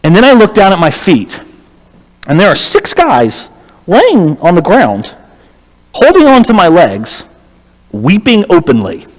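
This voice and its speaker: Male guest preacher, slightly high voice, animated and humorous storytelling, long church reverb. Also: a little slow, pauses often. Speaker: guest lecturer. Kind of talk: storytelling sermon. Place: church auditorium. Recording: reverberant hall.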